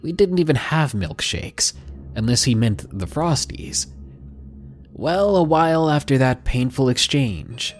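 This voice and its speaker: A man reading out a submitted story as scripted narration, with a dry, sardonic manner. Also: mid-range voice.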